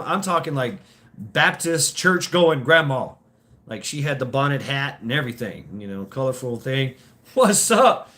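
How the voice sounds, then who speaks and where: A man's voice: mid-range voice, fairly bright tone. A man spinning a casual story, rambling with restarts and plenty of cursing. He breaks into laughter often as he goes. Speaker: vlogger.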